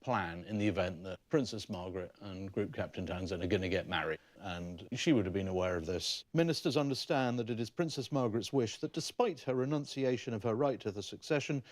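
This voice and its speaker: Low voiced guy explaining old documents, reads bits aloud, very dry room. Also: fairly quick, few pauses, dry recording. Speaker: archive historian.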